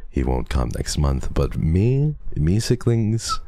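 Sniffling and stuffy with a cold, a man with an extremely low, warm voice talks slowly with his stream audience, his pitch swinging widely as he reads chat. Playful, teasing and quick to laugh, he uses Tagalog and Korean endearments, and the sound is close and dry with no room around it.

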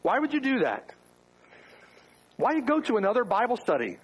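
A man's voice: very high voice, huge pitch swings, normal speed, husky, rough recording. A man preaching a sermon to his congregation, firing off rhetorical questions with wry asides. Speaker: pastor. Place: church.

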